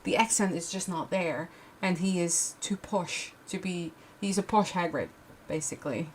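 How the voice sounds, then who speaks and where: A young adult woman with a lowish voice chats casually at a normal speed while crafting on a livestream. She rambles, restarting often and using plenty of fillers, and the audio carries a little hiss or hum.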